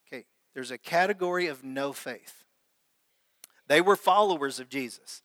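Man, pastor, sermon, bright forceful voice, long hall reverb. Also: medium pitch, lively intonation, moderate pace. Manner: preaches with prayer and call-and-response to the congregation.

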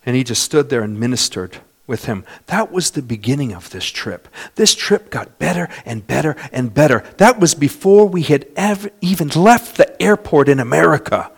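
Dynamic male preacher, fairly high voice. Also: lively intonation, normal speed, gravelly, hardly any pauses, breathy edge. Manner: dynamic preaching with wide swings in loudness and pace; storytelling with imitated voices of others. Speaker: pastor. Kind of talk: sermon.

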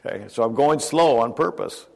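A man's voice: mid-range voice, vocal fry, darkish tone. An older man preaching a sermon in a conversational way, asking his listeners questions and chuckling often. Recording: long hall reverb.

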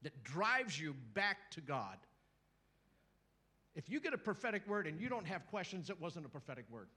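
A middle-aged man preaching a sermon to a church congregation, lively and joking, acting out little voices and calling out to the crowd. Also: high-pitched, normal speed, slightly rough. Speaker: guest preacher.

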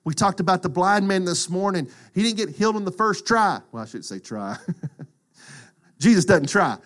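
A middle-aged man preaching a sermon, acting out quotes and swinging from loud to hushed. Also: sits high, lively intonation, moderate pace. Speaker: pastor.

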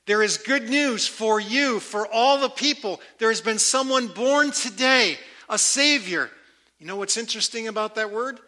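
A man preaching a sermon, emphatic and repeating key words with slow, deliberate stress. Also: high-pitched, bright, forceful tone. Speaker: pastor.

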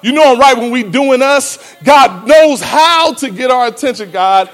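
A high-pitched woman preaches a lively sermon, unhurried but with few pauses. She is emphatic and often shouts, laughing between lines and calling out to the congregation.

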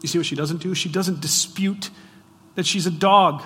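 A man preaching a sermon, asking the audience frequent rhetorical questions and swinging between hushed and loud, emphatic delivery. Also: high voice, steady tone, moderate pace. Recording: long reverb of a large hall.

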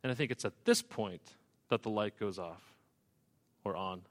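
A man's voice: fairly low pitch, normal speed. A man preaching a sermon, walking through a scripture passage verse by verse and adding conversational asides. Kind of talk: expository sermon.

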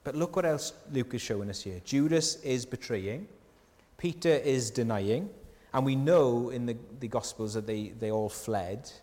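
A man's voice: medium pitch, a little slow. Earnest male preacher, reverberant church. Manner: conversational preaching with frequent rhetorical questions; earnest and tender, dropping softly at key lines. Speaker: pastor. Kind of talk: sermon. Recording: long hall reverb from a church.

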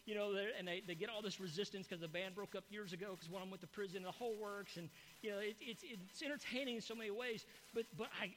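A man's voice: high-pitched, bright, forceful tone. A man preaching a sermon, telling folksy stories and talking straight to the congregation. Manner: folksy storytelling, addresses the congregation. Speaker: pastor.

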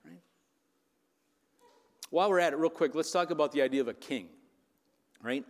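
A male pastor preaching in a conversational, questioning way. His voice sits a little high for a man. It rings through a church hall with a long reverb tail. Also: normal speed. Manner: conversational, keeps asking "right?". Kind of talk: sermon.

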